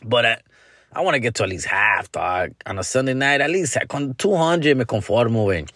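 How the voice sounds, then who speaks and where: A man's voice: medium pitch, lively intonation, brisk, a bit bright, no echo, studio quality. A man hosting his own podcast in a loose, casual monologue, full of slang and profanity, calling listeners dog and fool and dropping bits of Spanish slang. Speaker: podcast host.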